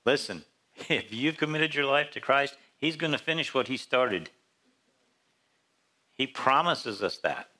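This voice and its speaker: A pastor leads a midweek Bible study in a relaxed, conversational sermon. His voice is bright and forward, and he keeps asking the group what each verse promises. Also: medium pitch, measured pace, pauses often. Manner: conversational, asks the congregation questions.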